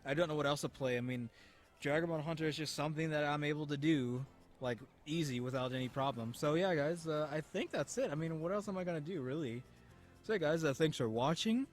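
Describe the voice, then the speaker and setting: A man's voice: a little high, fast talker, soft background music. A man casually rambling through gameplay commentary as a gaming YouTuber, chatty and full of restarts.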